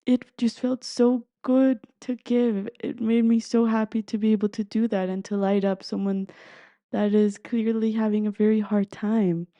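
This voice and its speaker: A woman's voice: fairly high pitch, little pitch movement, moderate pace, mellow, no room sound. A woman podcast host telling a personal story in an earnest, emotive, heartfelt way.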